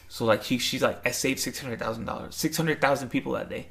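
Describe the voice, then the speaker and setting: A man's voice: medium pitch, fast, gravelly, few pauses, a bit bright. A young man on a podcast, telling slangy stories in casual chat and mimicking the people in them. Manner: slangy storytelling with mimicked voices. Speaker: podcast co-host.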